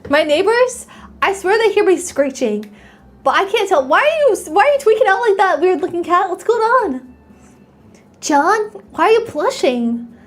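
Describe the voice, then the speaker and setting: A young woman VTuber chatting on a live stream, excitable, squealing and giggling as she thanks her viewers. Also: extremely high pitch, normal speed.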